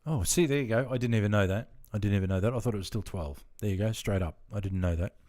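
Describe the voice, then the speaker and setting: A relaxed Australian man talks loosely to his live chat while he plays. His voice sits fairly low, and he rambles from one thought to the next with plenty of fillers. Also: fast talker. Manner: rambling, laid-back, chatting with viewers. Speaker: game streamer. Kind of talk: casual live-stream chat.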